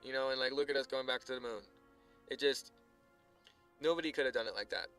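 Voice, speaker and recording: A man talking casually on a live stream, rambling with lots of filler words and swearing, sometimes quiet and sometimes heated. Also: medium pitch, brisk, soft background music. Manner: swings from subdued to heated ranting.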